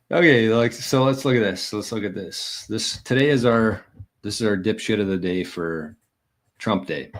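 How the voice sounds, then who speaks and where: A man's voice: on the low side, measured pace, pauses often. A man hosting a daily vlog, reading viewer comments and answering them in a blunt, profane, combative way. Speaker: bitcoin vlogger.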